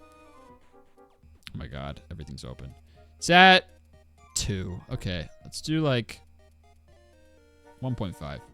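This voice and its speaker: A young man streaming a game, chatting and telling a story with lots of swearing and high-pitched impressions of others. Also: slow, long pauses, faint music behind. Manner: animated, swears freely, jumps into high mimicking voices. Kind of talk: casual live-stream storytelling while gaming. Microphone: desk mic.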